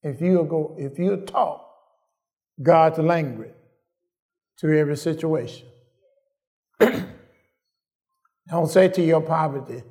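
Slow, emphatic preacher man. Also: a little high, a little mellow. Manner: call-and-response preaching, asking the congregation "Am I right?"; slow, emphatic, repeats phrases. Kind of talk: sermon.

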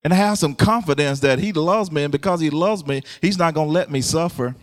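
Going a little fast, this preacher works the congregation in call-and-response fashion. He laughs a lot and shouts hallelujahs, his voice getting higher and louder.

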